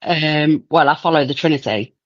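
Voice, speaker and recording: A woman with a low voice and a thick East Midlands accent calls in to a casual phone-in, speaking at a moderate pace. She talks hesitantly and rambles, over a dull, dry, lo-fi call line with no echo.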